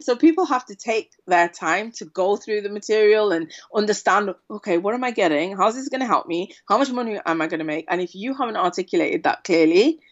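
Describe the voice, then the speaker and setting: A woman's voice: mid-range voice, dull audio. A woman copywriter guest chatting casually in an interview, telling stories with lots of "right?" tags. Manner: animated storyteller, frequent "right?" tag questions.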